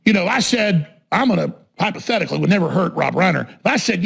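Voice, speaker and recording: A man with a high, gravelly voice rants as a talk radio host. He is combative and emphatic, hammering points with repeated phrases. His delivery often climbs toward a shout. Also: animated, quick pace, hardly any pauses. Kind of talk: ranting political monologue.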